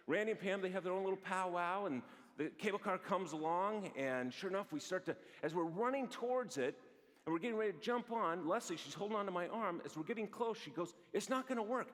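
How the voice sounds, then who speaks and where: A man's voice: high voice, fairly quick. A man, a psychologist, giving a storytelling conference talk in a large hall and acting out the lines he quotes. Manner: animated, acts out quoted lines. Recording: long hall reverb from a big venue.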